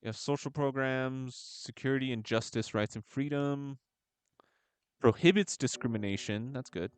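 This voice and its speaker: A man's voice: mid-range voice, moderate pace, smooth, dry recording. A man from the United States chatting casually while streaming a game, joking around and fumbling as he reads aloud. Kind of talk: casual chat while gaming. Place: at home, gaming live. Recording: music playing faintly behind.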